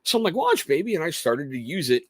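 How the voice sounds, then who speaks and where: A man in his thirties hosting a casual show, telling family stories in an animated way and laughing often. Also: fairly high pitch, fast talker, no room sound. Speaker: podcast host talking to chat. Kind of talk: casual chat.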